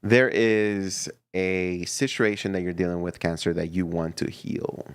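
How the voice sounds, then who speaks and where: A man giving a casual, playful tarot reading to his viewers, chatty and quick to laugh. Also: low-pitched, steady tone, clean tone, no echo. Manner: chatty and playful, laughs often, repeats himself. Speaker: tarot reader.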